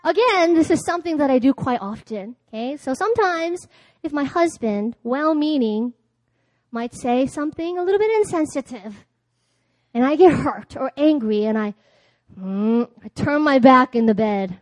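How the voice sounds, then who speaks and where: A woman delivers a sermon, with a high voice heard dry and close. She tells personal stories, acts out both sides of conversations, and often laughs as she goes. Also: lively intonation, normal speed, a little mellow, no echo. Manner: storytelling, acting out dialogue, laughing often. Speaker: preacher. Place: church.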